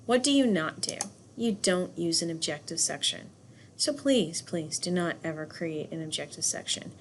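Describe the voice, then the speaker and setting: A woman's voice: on the low side, animated, moderate pace, a little hiss or hum. A woman teaching a class, talking directly and emphatically, with asides. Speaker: instructor. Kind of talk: classroom lecture.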